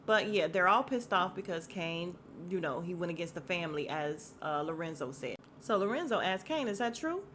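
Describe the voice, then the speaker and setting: Animated woman recapping a TV episode. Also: lowish voice, moderate pace, few pauses, slight background noise. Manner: animated, retells scenes by quoting the characters' lines, swears freely; laughs often while recounting. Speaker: podcast host recapping a TV episode. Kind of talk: casual recap chat.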